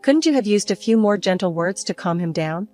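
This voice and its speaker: An older woman calmly narrating a story in the first person. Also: mid-range voice, brisk, soft background music. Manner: calm, even storytelling. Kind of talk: scripted narration.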